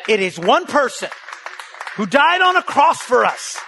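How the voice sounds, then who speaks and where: A man's voice: very high-pitched, big pitch swings, a little slow, creaky, bright, forceful tone, a little hiss or hum. A man preaching a sermon as pastor, firing rhetorical questions and leading the congregation in repeating lines.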